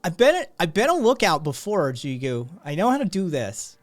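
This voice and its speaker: A man's voice: high-pitched, big pitch swings, moderate pace, voice pushed up. A man voicing an eager, anxious young male lookout who stammers and pleads to help.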